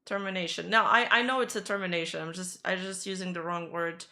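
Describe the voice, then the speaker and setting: A woman streamer giving casual reaction commentary, chatty, self-deprecating and quick to defend herself. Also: on the low side, sharp tone.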